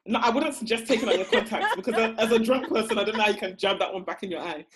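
A woman's voice: mid-range voice, rapid-fire, heavy background noise. A young woman co-hosting a podcast, chatting casually, laughing often and repeating herself. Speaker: podcast co-host. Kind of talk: casual chat.

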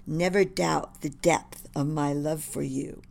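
A woman's voice: low-pitched, steady tone, slow, gravelly, a little mellow, full character voice. A woman reading as a tender, devoted general. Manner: earnest, reverent.

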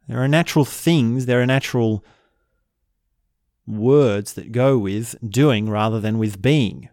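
A man teaching in a slow, reflective way, often repeating short example phrases. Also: medium pitch, a little mellow, dry recording, studio quality. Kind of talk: spoken teaching talk.

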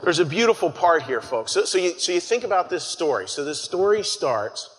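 A man's voice: a little high, sing-song, a little fast, husky. A man preaching a conversational sermon, earnest and full of restarts, calling his listeners folks. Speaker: pastor. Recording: long hall reverb.

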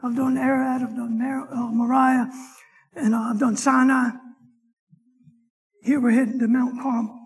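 A man, a deacon, teaching a Sunday Bible class in church, with an animated, folksy delivery and dramatic scripture reading. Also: very high voice, moderate pace, pauses often, breathy edge, big-room sound.

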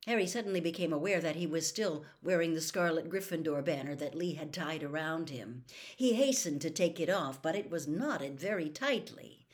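A woman narrating a children's fantasy novel aloud in a steady, measured storytelling manner. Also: on the low side. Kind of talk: audiobook narration.

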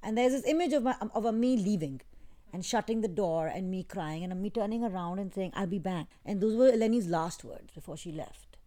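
A woman as an interview guest, talking in a soft, halting, reflective way with many restarts. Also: medium pitch, animated. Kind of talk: emotional personal interview. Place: in England.

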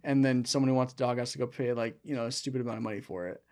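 A man's voice: medium pitch, fairly even intonation, racing, darkish tone. A young man chatting casually on a podcast, rambling and filling his talk with "like". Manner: rambling, heavy use of "like". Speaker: podcast co-host. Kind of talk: casual chat.

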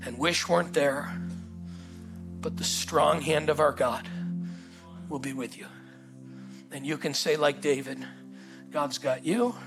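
Animated pastor preaching. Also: male voice, fairly high pitch. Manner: animated, acts out the story in voices, calls "come on". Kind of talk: sermon. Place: church auditorium.

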